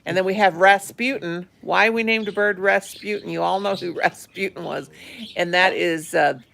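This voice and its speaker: Gravelly woman going live on her phone at home, chatty and sweet with viewers. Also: lowish voice, fairly even intonation, moderate pace, fairly bright tone. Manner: chatty, affectionate, fond of pet talk. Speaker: live-stream host. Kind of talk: casual live-stream chat. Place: home, indoors.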